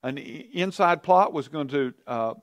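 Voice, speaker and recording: A man's voice: a little high, lively intonation, measured pace, no room sound, clean studio sound. A man teaching a Bible study, telling the story with energy and asking his class questions.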